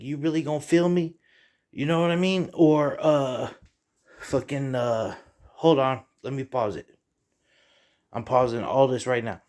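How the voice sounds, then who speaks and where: A middle-aged man vlogging in a casual, rambling monologue, profane and heated as he digresses. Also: mid-range voice.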